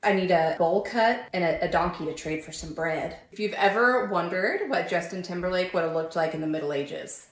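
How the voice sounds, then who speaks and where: A woman's voice: fairly low pitch, a bit bright, roomy sound. A woman giving casual comedic commentary with wry, self-mocking asides. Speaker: comedy content creator.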